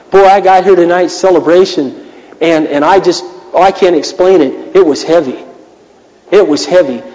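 A middle-aged male pastor preaches in an earnest, confessional way, now and then breaking into emphatic outbursts. His voice sits fairly high for a man. The sound carries a long reverb, like a big hall. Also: darkish tone. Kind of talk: sermon.

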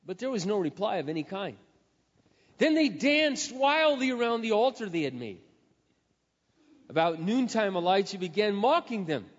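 A man preaching a sermon, telling a scripture story dramatically and swinging between loud passages and hushed asides. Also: high voice, sing-song, normal speed, long pauses. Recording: reverberant hall, dull lo-fi sound.

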